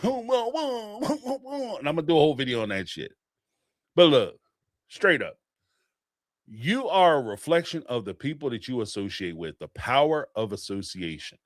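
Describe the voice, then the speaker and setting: A man's voice: medium pitch, big pitch swings, normal speed, no echo, clean studio sound. A man giving casual live reaction commentary on a reality show, blunt and profane, often mimicking people in mocking voices.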